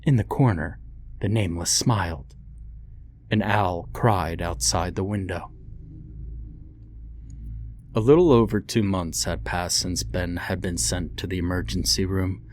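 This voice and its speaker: A man reading a horror story aloud in a slow, deliberate, grim way. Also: deep voice, a little mellow, slight background noise. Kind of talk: scripted horror narration.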